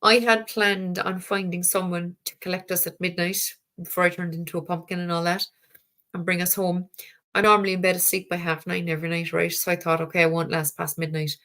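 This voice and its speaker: Chatty Irish woman, lower voice. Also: flat delivery, fairly quick, a bit bright. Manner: chatty and rambling, with frequent fillers; swears casually. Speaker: tarot livestream host. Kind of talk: casual live-stream chat.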